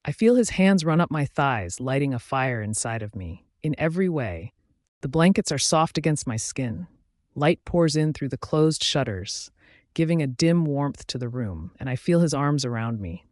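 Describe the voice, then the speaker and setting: A man narrates a first-person romance audiobook in a calm, even storytelling manner. His voice sits at a middle pitch. The sound is dry and close, with no room echo. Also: normal speed.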